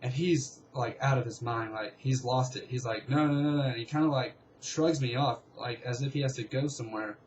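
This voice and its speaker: A young man casually telling a long story, rambling and excitable, with lots of fillers. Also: medium pitch, moderate pace, hardly any pauses, dull audio, slight background noise. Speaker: vlogger.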